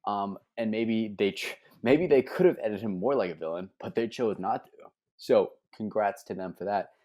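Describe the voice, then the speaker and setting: A young man co-hosting a casual reaction podcast, laid-back and halting, with jokes. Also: lowish voice, darkish tone. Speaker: podcast co-host.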